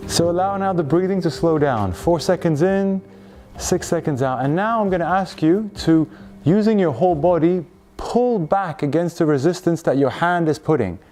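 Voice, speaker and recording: A man guiding a group through slow shoulder stretches and breathing, calm and instructive, often checking in with questions. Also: fairly high pitch, soft background music. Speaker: movement coach.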